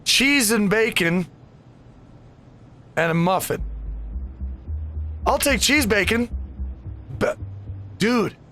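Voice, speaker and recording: A man's voice: high voice, fairly bright tone. A man hosting a casual let's play, rambling and easily distracted with chatty asides. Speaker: gaming video host.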